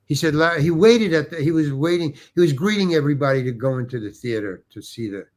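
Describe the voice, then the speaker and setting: A man's voice: fairly high pitch, lively intonation, fast. An older man, a guest actor, telling rambling anecdotes with restarts and acted-out quotes. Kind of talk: anecdotal storytelling.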